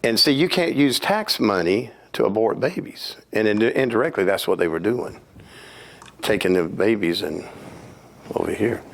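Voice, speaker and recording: A man's voice: fairly low pitch, animated, moderate pace, vocal fry. A man with a Southern US accent, a pastor, telling stories in a plainspoken, earnest way during a Bible study. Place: church hall.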